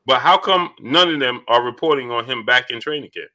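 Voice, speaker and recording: Male live-stream host, bright forceful tone, repetitive, shouts out viewers by name. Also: medium pitch, brisk. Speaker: host of a boxing talk stream.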